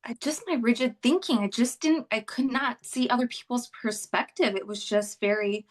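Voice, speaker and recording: A woman's voice: on the high side, moderate pace. A woman who works as an ICU nurse, speaking as a podcast guest in a heartfelt, emotional way with many restarts. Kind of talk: conversational podcast interview.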